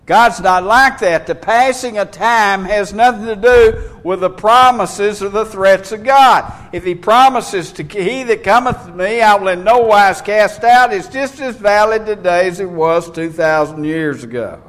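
A man preaching a sermon in a folksy way, reading scripture and building to fervent, loud passages. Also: high-pitched, unhurried, few pauses. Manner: folksy, rising to fervent shouts when preaching.

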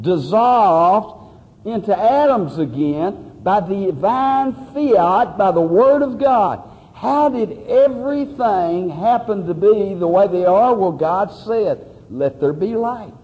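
A man preaches with urgent, pleading emphasis and repeats his key lines for weight. His voice sits high for a man yet sounds mellow and warm. A long reverb trails after him, as in a large hall. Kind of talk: sermon.

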